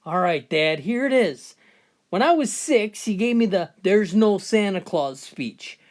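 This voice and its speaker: A woman's voice: mid-range voice, lively intonation, measured pace, a little mellow, natural voice. A woman voicing a cheeky, mouthy young boy with blunt punchlines.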